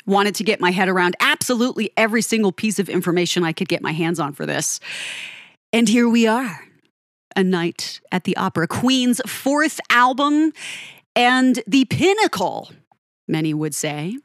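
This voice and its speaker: A woman's voice: mid-range voice, lively intonation, normal speed, dry recording, clean studio sound. A woman hosting a music show, telling a band's story in a dramatic second-person style and then chatting casually with listeners. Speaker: music podcast host. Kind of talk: storytelling commentary.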